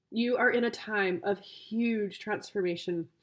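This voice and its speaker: A woman coaches her viewers through a tarot reading in an average-pitched voice, gushing and heartfelt. She's emotional and easily moved, almost to tears.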